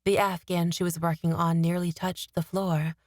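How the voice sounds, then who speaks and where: Lowish-voiced woman narrating an audiobook. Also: little pitch movement, moderate pace, dry recording. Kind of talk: first-person audiobook narration.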